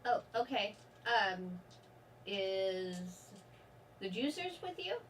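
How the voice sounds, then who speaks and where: A woman's voice: medium pitch, big pitch swings, slow. A woman playing in a tabletop game, speaking hesitantly with many fillers. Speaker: player. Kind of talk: tabletop role-play chat. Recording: distant mic, faint hiss.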